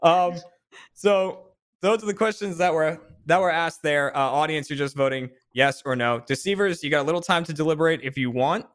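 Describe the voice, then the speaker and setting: Bright-voiced laughing game host. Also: male voice, fairly high pitch, a little fast. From Boston area, USA. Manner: laughs often, easygoing. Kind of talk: casual game show banter.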